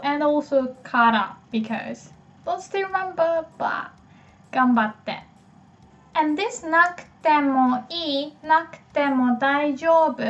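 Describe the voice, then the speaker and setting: A woman with a Japanese accent giving a casual grammar lesson, slowing down to say example phrases carefully. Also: high-pitched, lo-fi sound. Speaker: Japanese language teacher.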